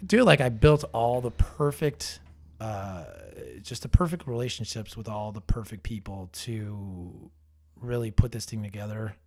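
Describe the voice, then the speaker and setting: This podcast guest, a thirty-something man who owns a brewery, talks at a measured pace in a fairly low, slightly mellow voice. His casual chatter is full of profanity, fillers and false starts.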